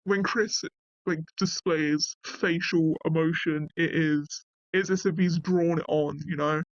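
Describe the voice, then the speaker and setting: A man with a high-pitched voice reads an online article aloud and cuts in with blunt, casual reactions, sometimes cursing. The recording sounds dull and lo-fi, with a dry sound and no room echo. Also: steady tone, a little slow. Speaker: commentator reading a wiki article aloud. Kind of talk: casual reading and commentary.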